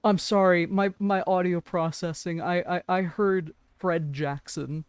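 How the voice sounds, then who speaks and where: A man's voice: sits high, fairly even intonation, a little slow, smooth, no room sound. A young man in his twenties streaming a game, playful and giggly as he reacts. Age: 20s. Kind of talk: casual game-stream commentary.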